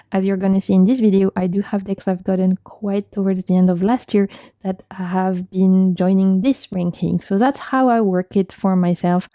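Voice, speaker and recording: A woman's voice: medium pitch, dry recording. A young woman with a French accent, chatting casually as she reviews her favorite tarot decks in a vlog. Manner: chatty, warm thanks, frequent laughs. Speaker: tarot video creator.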